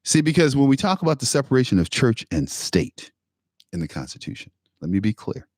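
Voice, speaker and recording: A male talk show host from Michigan delivering an opinion monologue, sarcastic and animated, often laughing at his own points. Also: medium pitch, brisk, no echo, studio quality. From Pontiac, Michigan, USA.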